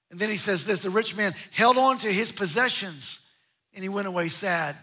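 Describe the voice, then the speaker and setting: A man's voice: high voice, moderate pace, pushed and bright, husky. A man preaching a sermon as pastor, emphatic, with repeated phrases and restarts.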